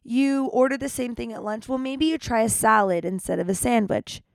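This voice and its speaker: Young woman with a gravelly, dry voice. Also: fairly high pitch, normal speed, no echo. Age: young adult. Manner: animated, chatty, with dramatic retellings. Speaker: podcast host. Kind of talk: casual storytelling monologue.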